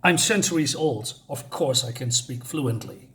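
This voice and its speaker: A man voicing an ancient, weary troll guardian in armor, reading the lines plainly with halting restarts. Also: medium pitch, a bit bright, close to an everyday voice.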